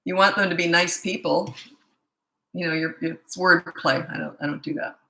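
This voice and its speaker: A woman's voice: on the low side, steady tone, normal speed, vocal fry, pushed and bright, roomy sound. A woman parenting coach giving blunt, emphatic advice in a casual monologue, repeating her points for stress.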